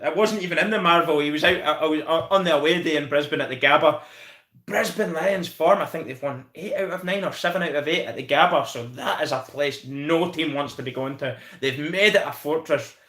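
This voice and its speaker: A Scottish man hosting a live stream, chatting in a rambling, excitable way and swearing freely. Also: a little high, reverberant. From Scotland. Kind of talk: casual live-stream chat.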